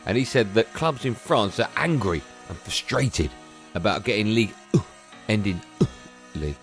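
Lively, jokey male radio host. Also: fairly low pitch, normal speed, music in the background. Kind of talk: casual chat introducing clips.

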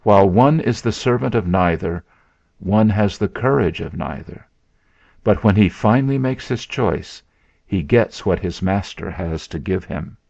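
A man voicing a calm imposing mountain man, low, level, gravelly, deep. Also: measured pace, no echo, heavily acted. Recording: dull lo-fi sound.

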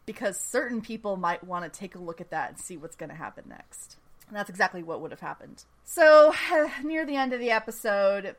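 A woman's voice: mid-range voice, lively intonation, a little fast. A woman hosting a podcast, casually recapping a TV episode in a chatty, enthusiastic way with plenty of fillers. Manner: chatty and enthusiastic, often laughing, filler-heavy. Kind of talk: casual chat.

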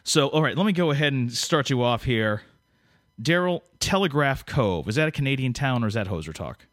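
The clean studio recording, free of room sound, features a podcast host with a mid-range, fairly bright voice and lively intonation. Talking fairly quickly, he rambles and jokes through a casual interview, restarting often and using lots of fillers.

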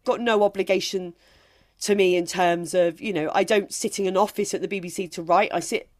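A woman comedian, a guest on a podcast, talking in a casual, emphatic and animated way. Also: lowish voice, fairly quick. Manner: emphatic, animated storytelling with laughs.

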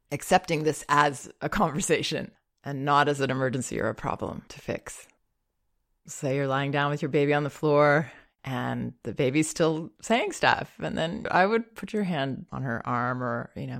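A woman calmly giving parenting advice, gentle and reassuring, with soft laughs. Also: sits low. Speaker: parenting advisor. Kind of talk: advice talk.

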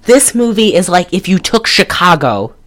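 A woman's voice: lowish voice, very animated, moderate pace, fairly bright tone. A woman co-hosting a podcast in casual chat, blunt and exasperated, rambling with many restarts. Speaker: podcast co-host.

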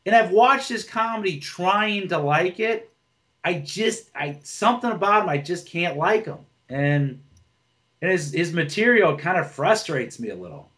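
This stand-up comic's voice is high-pitched and expressive, fairly bright, and a little slow. Co-hosting a podcast, he rambles bluntly in casual conversation, cursing often and restarting his thoughts.

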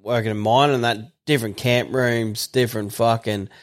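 An Australian man with a mid-range voice chats bluntly as co-host. He is quick to laugh along and swears freely. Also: medium pitch, steady tone. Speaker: podcast co-host. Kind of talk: casual chat.

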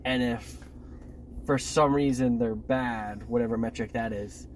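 Young guy podcast cohost, middle pitch, explains the plot step by step. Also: unhurried, a little hiss or hum. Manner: steady plot recapping, frequent agreeing "yeah". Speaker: podcast co-host. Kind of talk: casual chat.

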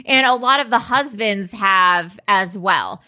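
A woman's voice: mid-range voice, takes it slowly, sharp tone. A woman co-hosting a casual podcast, chatty and self-deprecating, often laughing as she tells stories. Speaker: podcast co-host. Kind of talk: casual chat.

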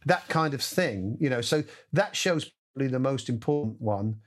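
A man's voice: mid-range voice, normal speed. A man, a musical director chatting casually as a guest and acting out voices and sounds in his stories. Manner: animated storyteller, acts out voices and sounds. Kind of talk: casual anecdotal chat.

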